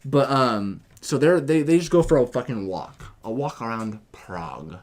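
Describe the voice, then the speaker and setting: A young man co-hosting a casual movie review, excitedly retelling the plot with a lot of swearing. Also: medium pitch, normal speed. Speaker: podcast co-host.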